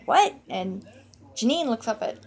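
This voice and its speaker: A middle-aged woman recounts a family memory aloud. She rambles gently with asides and small fillers, chatty and unhurried, speaking at a mid pitch. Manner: meandering, conversational, with fillers and asides. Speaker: storyteller. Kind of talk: personal storytelling.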